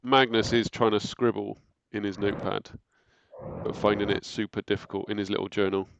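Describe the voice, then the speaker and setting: A man's voice: on the low side, little pitch movement, fairly quick, creaky, muffled recording, noisy background. A man taking part in a tabletop game, casually describing his character's actions. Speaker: player.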